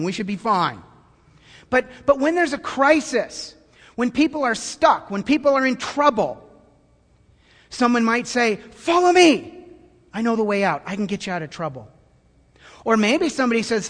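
A man preaching as pastor, with animated delivery that swings between hushed, tender passages and loud, shouted calls. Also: sits high, big-room sound. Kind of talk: sermon.

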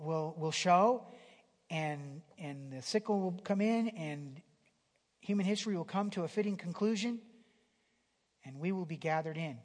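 A man preaching a sermon in a conversational way, restarting phrases and swinging from loud emphasis down to a near whisper, in a church hall. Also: fairly high pitch. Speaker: pastor. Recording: long hall reverb.

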